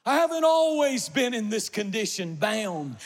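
A man preaching voices a broken, blind strongman slowly pleading with God for strength. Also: high-pitched, sing-song, exaggerated voice. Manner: slow, pleading, repeated phrases. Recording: long reverb of a large hall.

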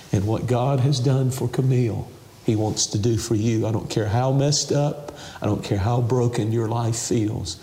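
A man ministering on television, talking with deep emotion and tears, preaching and leading a slow prayer. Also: warm tone, reverberant, a little hiss or hum. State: crying. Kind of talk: televangelist interview and altar call. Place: house.

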